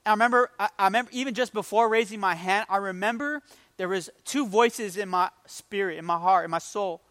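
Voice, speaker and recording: A man's voice: sits high, brisk, pushed and bright, dry recording. A man preaching an emotional, conversational sermon, rising with emphasis. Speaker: pastor.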